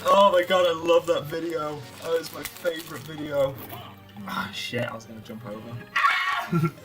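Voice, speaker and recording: Man, bright sharp voice, slightly high, giggly, thinks out loud while gaming. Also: fairly even intonation, measured pace, soft background music. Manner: giggly, trailing off, thinking aloud while playing. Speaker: co-host playing a game on stream. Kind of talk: casual chat.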